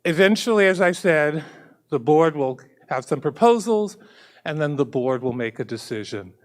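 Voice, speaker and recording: At a public committee meeting, a male school superintendent opens with earnest remarks, repeating his main points for emphasis. His voice is fairly high and expressive, delivered at normal speed.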